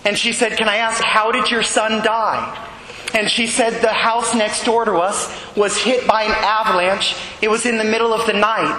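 A man preaching slowly and earnestly, telling stories with quoted dialogue. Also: sits high, fairly even intonation, bright, forceful tone, a little hiss or hum. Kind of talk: sermon storytelling. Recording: echoey hall with faint ambience.

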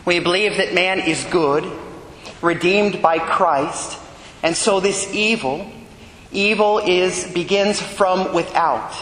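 A man, a Catholic priest, preaching a sermon with earnest storytelling. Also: slow pace. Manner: earnest storytelling preacher, rising animated when retelling dialogue. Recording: echoey church hall with long reverb and faint rumble.

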